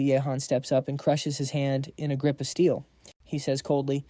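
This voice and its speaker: A man's voice: mid-range voice, monotone, normal speed, mellow, no room sound, clean studio sound. A man narrating a story recap in a casual, slangy way.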